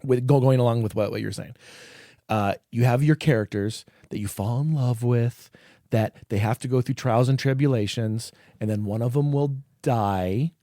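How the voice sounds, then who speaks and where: A man's voice: medium pitch, moderate pace, dry recording, studio quality. A man co-hosting a podcast in casual chat, swearing freely and acting out reactions as he talks. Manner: animated, swears freely, acts out quoted reactions. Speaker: podcast co-host.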